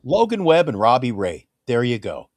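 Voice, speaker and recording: A man's voice: medium pitch, wildly swooping pitch, normal speed, background noise. A man co-hosting a casual sports talk stream, opinionated and emphatic, often turning to the host by name.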